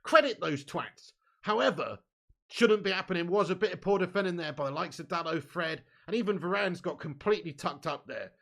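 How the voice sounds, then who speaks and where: Hosting a fan channel's live watch-along, a man reads out viewer chat packed with blunt, sweary football banter. His voice sits high and fairly bright, with lively intonation, brisk delivery and some vocal fry. He's chatty and keeps adding "mate" and "bud."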